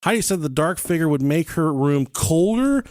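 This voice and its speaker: A man's voice: on the high side, lively intonation, normal speed, a little mellow, no echo, studio quality. Profane joking male podcast host. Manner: profane, joking, laughs often while telling. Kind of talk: casual storytelling chat.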